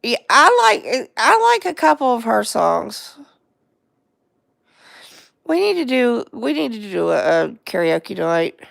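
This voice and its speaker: A woman's voice: a little high, creaky, no room sound, clean studio sound. A middle-aged woman hosting a casual livestream chat, rambling along, chatting to viewers and laughing often. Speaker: livestream host.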